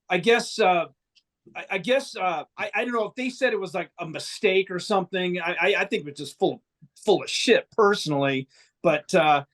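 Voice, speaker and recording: A man's voice: high-pitched, a bit bright. A man, a guest musician, telling a long anecdote in a casual, profane, rambling way with frequent restarts. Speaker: band member guest. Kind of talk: casual storytelling.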